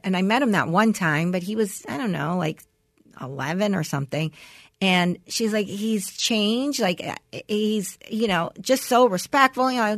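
A woman's voice: on the low side, gravelly, fairly bright tone, dry recording, clean studio sound. A middle-aged woman co-hosting a podcast, telling a long story with plenty of fillers and acted-out quotes. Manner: rambling storyteller, many "you know" fillers, acts out quotes. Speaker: podcast co-host. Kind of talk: casual chat.

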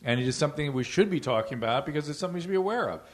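A man's voice: a little high, expressive, very fast. A man hosting a live podcast in front of an audience, speaking earnestly with emphasis and authority. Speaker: podcast host. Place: live venue before an audience.

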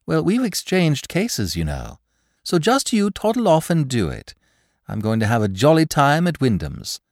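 A man voicing a flippant, theatrical aristocratic gentleman detective in a storybook reading. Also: a little high, huge pitch swings, normal speed, no room sound, clean studio sound, pitched above the performer's own voice. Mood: breezy. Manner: breezy, theatrical, whimsical. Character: flippant aristocratic young male sleuth.

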